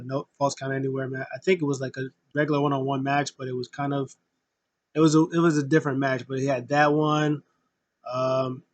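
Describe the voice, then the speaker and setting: A man's voice: mid-range voice, dry recording. A man recapping a wrestling tribute show in a casual, rambling way, full of fillers and open emotion as a fan. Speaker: wrestling vlogger.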